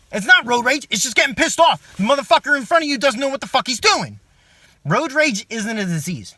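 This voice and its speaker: A man's voice: sing-song, brisk, no room sound, clean studio sound. Ranting, profane stand-up comedian man. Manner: ranting, profane, swings from low asides to loud outbursts.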